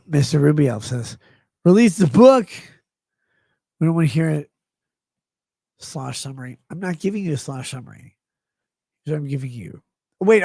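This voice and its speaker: A man's voice: medium pitch, vocal fry, a little mellow, slightly rough, no room sound. A man hosting a livestream, reading chat messages aloud and rambling in a profane, jokey way. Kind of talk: casual rambling stream chat.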